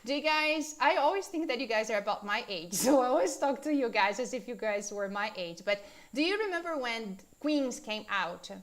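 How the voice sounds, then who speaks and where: A woman's voice: on the high side, animated, moderate pace. A woman from Brazil, a native Portuguese speaker, teaching a live English class in a chatty, informal way, with many fillers and questions put to viewers.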